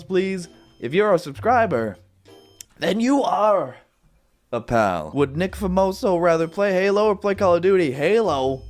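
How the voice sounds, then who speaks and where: A man giving casual, jokey commentary while playing a game at home in his apartment, with sudden playful jumps in his voice. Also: high-pitched. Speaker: gaming video host. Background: neighbor's music.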